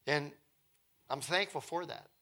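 A man's voice: fairly high pitch, measured pace, sharp tone. A man preaching a sermon as a pastor, earnest and conversational, with emphatic repetition.

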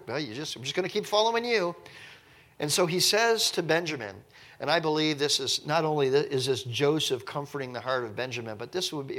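Bright-voiced man teaching a Bible study. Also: a little high. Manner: rambling, animated, acts out the people he talks about.

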